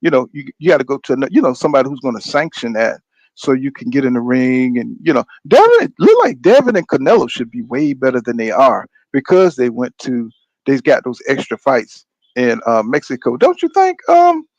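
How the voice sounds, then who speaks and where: A man hosts a boxing podcast, speaking in a medium-pitched, animated voice at a fairly quick pace with a darkish tone. The recording sounds dull, dry, and lo-fi. He rambles casually, gets heated, swears a lot, and keeps saying "you know what I'm saying".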